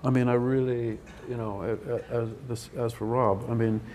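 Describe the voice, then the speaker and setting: A man's voice: medium pitch, little pitch movement, normal speed, dark tone, slight background noise. An older man, a film director, answering questions at a press event in a rambling, hesitant way, full of restarts.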